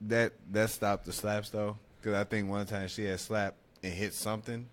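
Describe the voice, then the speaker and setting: A man, co-hosting a podcast in casual chat, a lively storyteller who laughs often. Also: fairly low pitch, moderate pace. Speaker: podcast co-host.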